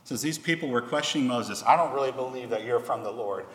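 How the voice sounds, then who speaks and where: A man's voice: mid-range voice, quick pace, a bit bright. A man preaching a sermon, reading scripture aloud with dramatic emphasis and acting out the quoted voices. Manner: reads scripture in a raised, dramatic voice. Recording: echoey hall.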